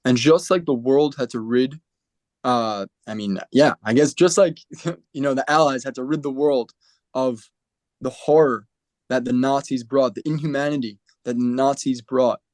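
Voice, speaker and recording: A man's voice: mid-range voice, normal speed, darkish tone, no echo. A man speaking for a lone soldiers group in an impassioned talk over a video call, emphatic and defiant, repeating lines for force.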